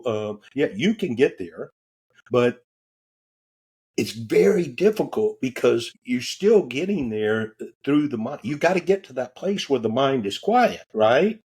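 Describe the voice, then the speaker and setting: A man, a podcast guest, telling stories in a casual, animated way, acting out the voices he quotes and cursing offhandedly. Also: medium pitch, measured pace, husky. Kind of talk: casual storytelling.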